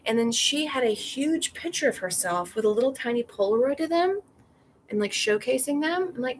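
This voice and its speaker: Sing-song and high, this young woman's voice moves at normal speed while she hosts a podcast, reacting openly and opinionatedly to live comments and often acting out what people said. The rough recording has a little hiss or hum.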